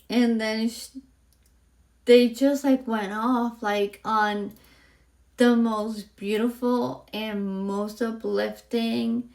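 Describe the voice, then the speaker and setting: A woman hosting her own podcast, telling a personal story slowly and with feeling. Her voice sits a little high and has a gravelly, fried edge. She rambles, fills pauses with "um" and "like," and sounds close to tears at times. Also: darkish tone. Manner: heartfelt, rambling, frequent fillers. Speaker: podcast host.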